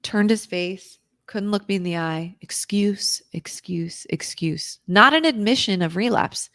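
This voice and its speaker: A woman, a guest on an interview show, telling an intense personal story in a vivid, dramatic way, at times dropping to a hushed whisper. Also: mid-range voice, expressive, normal speed, no echo, studio quality. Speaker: interview guest, recovery author.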